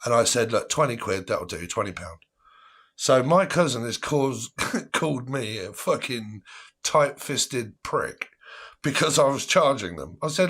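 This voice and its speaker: A man's voice: medium pitch, lively intonation, unhurried, a bit bright, husky. An English man with a slangy, rambling way of talking, telling a casual story on a live stream, swearing and laughing often.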